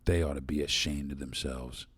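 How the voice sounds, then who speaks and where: A man's voice: a bass voice, steady tone, normal speed, breathy edge, dry recording. A man hosting his own podcast, talking alone in a blunt, profane and impassioned way. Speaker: podcast host. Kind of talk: solo podcast monologue.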